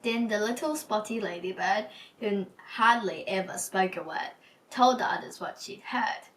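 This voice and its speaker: A woman hosting a book club episode, reading a children's picture book aloud in a gentle storytelling manner. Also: mid-range voice, moderate pace, distant mic, a little hiss or hum, rough recording. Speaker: storybook reader.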